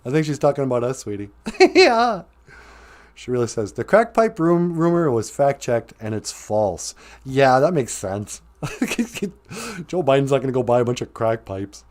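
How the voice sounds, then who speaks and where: A man hosts a loose, joking livestream and keeps breaking into laughter between comments. His voice is highly animated, with pitch swinging from low mutters to high exclamations as he rambles from one tangent to the next. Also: unhurried. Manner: giggly, rambling, jokey, calls people sweetie. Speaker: livestream host reading viewer comments. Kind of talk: casual livestream chat.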